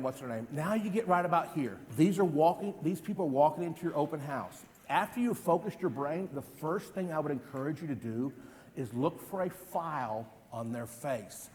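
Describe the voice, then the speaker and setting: A man in his fifties giving an energetic live stage demonstration as a memory trainer, quizzing the audience with repeated questions. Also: a little high. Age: 50s. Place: large event hall. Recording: long hall reverb.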